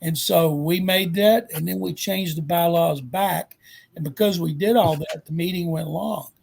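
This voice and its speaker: A man in his seventies with a Texan accent, a guest sportswriter telling animated anecdotes in an interview. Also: on the high side, unhurried, creaky, husky. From Texas. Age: 70s. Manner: animated anecdote-teller, acts out quotes. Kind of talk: storytelling interview.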